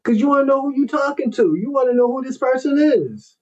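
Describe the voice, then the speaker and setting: Male host, high voice, blunt lecturing delivery, muffled lo-fi audio. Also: animated, fast. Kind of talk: casual opinionated talk. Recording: dull lo-fi audio.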